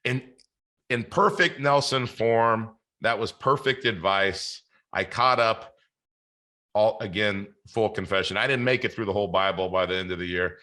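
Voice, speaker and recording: A man's voice: fairly low pitch, bright, forceful tone. A man hosting a podcast in casual interview chat, earnest and faith-filled, often restarting his sentences. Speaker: podcast host.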